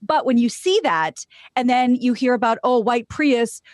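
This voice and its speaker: A woman co-hosting a podcast, giving earnest, measured commentary in casual chat. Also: a little high, a little mellow, dry recording, studio quality.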